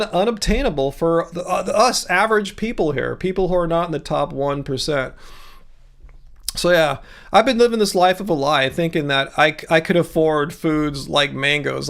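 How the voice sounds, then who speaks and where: Sarcastic high-voiced livestream host. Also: male voice. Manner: sarcastic, deadpan mock agreement. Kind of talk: casual livestream chat.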